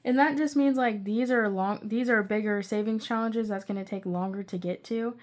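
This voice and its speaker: A young woman chatting casually through her budget, rambling with excitable asides. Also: mid-range voice, moderate pace. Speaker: budgeting channel creator.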